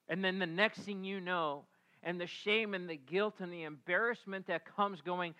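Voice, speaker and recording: A middle-aged male pastor delivers a sermon in a bright, slightly high voice. He tells the story with lively energy, acts out the characters, and then settles into quiet, reflective passages. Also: normal speed, clear, resonant tone. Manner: animated storytelling, acting out voices, drops to a hush for reflective moments.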